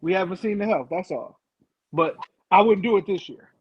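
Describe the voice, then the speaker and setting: A man on a sports podcast panel laying out his argument insistently in casual banter. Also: sits high. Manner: fast, insistent reasoning. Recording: dull mic with faint noise.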